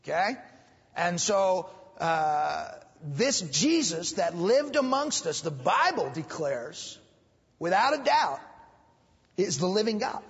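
A man's voice: high-pitched, very animated, takes it slowly, a bit bright, breathy edge. A man pastor teaching Sunday school in an emphatic preaching style, repeating phrases and raising his voice to stress points. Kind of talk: sermon. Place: church hall. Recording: dull recording with long hall reverb.

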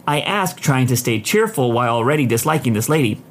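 A man narrating a Reddit story aloud in an expressive reading style. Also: mid-range voice, brisk, hardly any pauses, husky.

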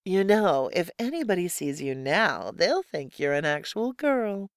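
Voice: mid-range voice, sing-song, measured pace, no echo, clean studio sound. A narrator voicing a bossy young woman who teases and mocks in a playful way. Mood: mocking. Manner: mocking, playful.

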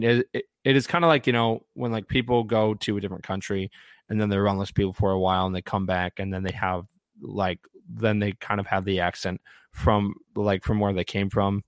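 A man's voice: fairly low pitch, little pitch movement, normal speed, dry recording, studio quality. A man chatting casually as a podcast co-host, rambling with frequent restarts and fillers. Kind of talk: casual fan chat.

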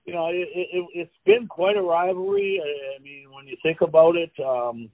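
A man's voice: fairly high pitch, expressive, moderate pace, gravelly, no room sound. Man telling stories over a tinny line. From Canada. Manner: rambling, many fillers and restarts, chuckling. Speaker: former player, guest. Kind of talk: casual storytelling. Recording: tinny phone-like dry line.

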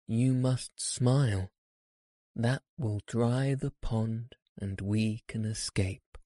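A man's voice: medium pitch, slow, dark tone, no echo, natural voice. A man doing a fussy, fretting storybook frog. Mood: urging. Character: fussy talkative male frog.

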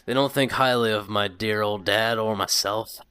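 A man's voice: on the low side, fairly even intonation, moderate pace, pushed and bright, clear, resonant tone, no room sound. A man doing a rambling drunk young man. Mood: bitter rambling. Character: drunken, self-pitying young man, grumbling and rude.

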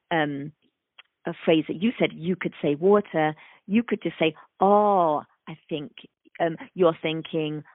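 A woman's voice: sits low, no room sound. A woman working as a speech-language pathologist, explaining thoughtfully in an interview and acting out little examples in a sing-song voice. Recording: dry, phone-like remote call audio.

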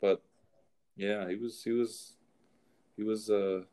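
Low-voiced man telling rambling stories. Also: little pitch movement, slow pace, dark tone. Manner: rambling anecdotes, frequent restarts. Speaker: show host and horse trainer. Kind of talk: casual storytelling chat.

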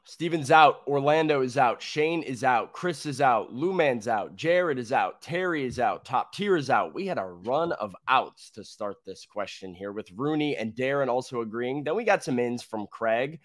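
A man co-hosting a sports talk show, briskly rattling off viewer responses from the chat with casual "uh"s between them. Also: mid-range voice, expressive, dry recording, clean studio sound. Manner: brisk, list-like delivery with filler "uh"s.

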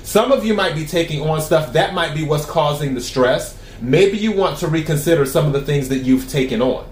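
A man reading tarot cards for his viewers in a voice pitched a little above most men's. He speaks in a steady, unhurried way and repeats his questions to the deck. The room around him sounds echoey. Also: a little hiss or hum. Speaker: tarot reader.

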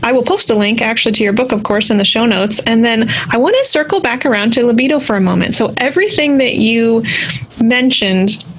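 A woman's voice: on the high side, lively intonation, brisk, a little hiss or hum, low-quality recording. A woman hosting a podcast interview, giving brief affirmations and moving the conversation along. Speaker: podcast host.

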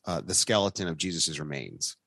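A man's voice: extremely low pitch, lively intonation, a little fast, vocal fry, pushed and bright, dry recording. A man co-hosting a podcast, talking casually and rambling through book recommendations with frequent restarts. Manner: rambling, restarts, faith-focused book talk. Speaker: podcast co-host. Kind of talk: casual chat.

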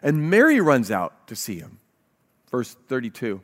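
A man's voice: mid-range voice, huge pitch swings, unhurried, fairly bright tone. A man preaching a sermon as pastor, reading scripture aloud and speaking earnestly, often repeating words as he restarts.

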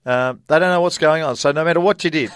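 A man's voice: fairly high pitch, fast, a bit bright, clear, resonant tone, dry recording, studio quality. A middle-aged Australian man, a golfer guest, telling stories in a casual interview, full of fillers and laughs. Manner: chatty anecdotal storyteller with frequent fillers and laughs.

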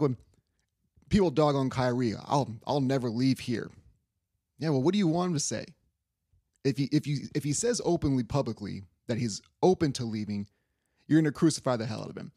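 A man's voice: medium pitch, darkish tone, no echo, clean studio sound. A young man hosting a casual sports podcast, rambling loosely and swearing offhand. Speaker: podcast host.

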